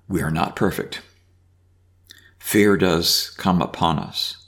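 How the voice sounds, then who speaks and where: A preacher with a deep, slightly bright voice and vocal fry gives an informal Bible teaching. He reads verses aloud and comments on them, restarting often.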